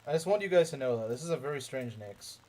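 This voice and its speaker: With a warm, expressive, mid-range voice, a young let's play streamer talks fast over a strategy game. His commentary is casual and rambling, full of repetition and jokey asides to chat.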